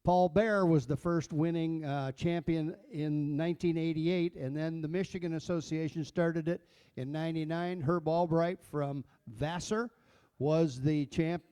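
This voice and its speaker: A man's voice: on the high side, fairly even intonation, measured pace, dark tone, smooth. Folksy older man reminiscing. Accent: Midwestern American. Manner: folksy, hesitant with fillers. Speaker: past champion auctioneer. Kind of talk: casual reminiscing.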